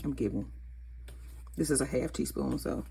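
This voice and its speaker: A woman's voice: extremely low pitch, big pitch swings, normal speed, very noisy. A woman hosting a casual cooking vlog in her home kitchen, chatty and correcting herself as she goes. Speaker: cooking channel host.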